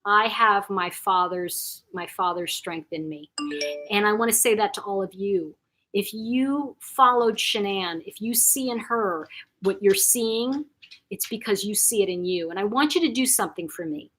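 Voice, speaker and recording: An older woman hosting a casual live chat, reading viewer comments aloud, chatty and quick to laugh. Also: medium pitch. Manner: warm, chatty, reacts to comments, laughs often.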